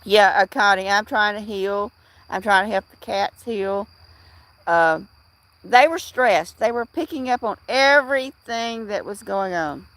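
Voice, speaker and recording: Middle-aged woman host of a casual livestream; slow, halting talk full of fillers, answering chat by name. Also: mid-range voice, a bit bright. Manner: rambling, halting, with many fillers and restarts; replies to chat viewers by name.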